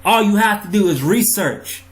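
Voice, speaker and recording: A man's voice: high-pitched, lively intonation, moderate pace. A man in an angry monologue to his viewers, riled up, profane and ranting. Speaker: vlogger.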